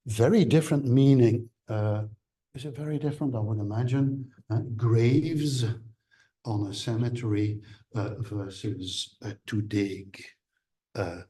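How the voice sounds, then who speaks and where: Slow, husky male lecturer. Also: lowish voice, mellow. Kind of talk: academic seminar lecture.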